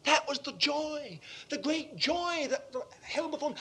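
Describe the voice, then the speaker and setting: A man preaching a sermon with impassioned conviction, dropping to hushed tones and then rising to forceful, emphatic repetition. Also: very high-pitched, expressive, a little slow, hardly any pauses.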